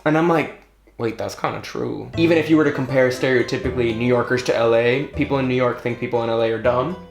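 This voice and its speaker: A man's voice: medium pitch, fast talker, reverberant, soft background music. A young American man co-hosting a casual chat, musing aloud and animating his examples. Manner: musing, animated, playful voices for quotes. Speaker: co-host. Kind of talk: casual chat over wine.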